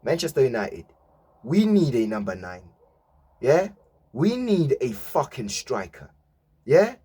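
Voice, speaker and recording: A man's voice: medium pitch, huge pitch swings, measured pace, warm tone, breathy edge. A young man, a football fan vlogger giving a mocking, swearing rant and tagging his lines with "yeah?". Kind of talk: ranting fan reaction.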